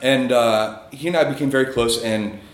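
A man's voice: medium pitch, normal speed, echoey room, a little hiss or hum. A man telling a personal story in a casual, rambling way, with fillers and chuckles. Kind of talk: live storytelling.

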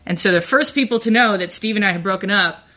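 A woman's voice: mid-range voice, fast talker, sharp tone. A young adult woman telling a candid, self-deprecating personal story, often laughing through her lines.

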